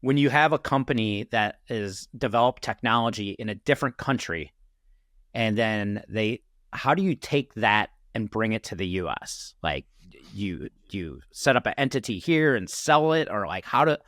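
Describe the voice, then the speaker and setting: A man's voice: fairly low pitch, expressive, normal speed, fairly bright tone, dry recording, clean studio sound. A man with a Midwestern accent hosting an interview, asking casual, curious questions. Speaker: interview host. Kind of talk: interview conversation.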